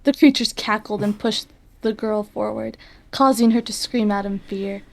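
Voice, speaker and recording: A woman's voice: mid-range voice, fairly even intonation, moderate pace, vocal fry, slight background noise. Giggling woman reading fan fiction aloud. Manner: giggly, stumbles over words. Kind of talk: comic dramatic reading.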